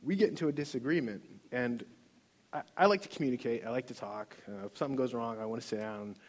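Husky man giving earnest testimony. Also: medium pitch, fast talker. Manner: earnest, emotional storytelling with many restarts. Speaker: workshop leader. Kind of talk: personal testimony.

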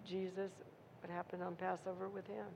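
A woman's voice: lowish voice, level tone, normal speed, vocal fry, darkish tone. A woman preacher giving an informal sermon, retelling a story in a folksy, conversational way and asking her listeners "Amen?". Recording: dull audio in a reverberant hall, faint noise.

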